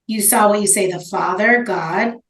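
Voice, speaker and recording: A woman interviewer asking probing, measured questions. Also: medium pitch. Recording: roomy echo.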